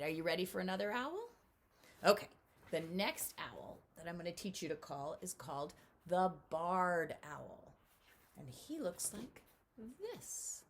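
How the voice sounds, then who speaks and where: A middle-aged woman giving children a lively home lesson, speaking right to the kids and doing bird calls. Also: fairly low pitch, slightly rough. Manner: animated, talks straight to kids, imitates owl calls. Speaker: children's author teaching at-home learners. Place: home, indoors.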